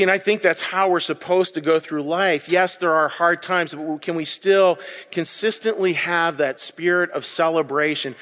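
A man with a high voice preaches to his congregation with lively, chatty energy. He jumps to loud exclamations, then drops to near-hushed lines. The sound carries a long reverb from a large hall. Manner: animated, conversational preaching with sudden loud bursts and hushed dips. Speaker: pastor. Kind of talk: sermon.

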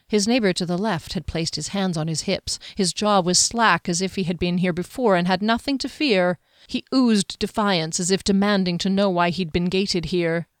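A woman narrating a fantasy novel in a steady, even storytelling manner on a close studio mic. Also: fairly low pitch, dry recording. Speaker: audiobook narrator.

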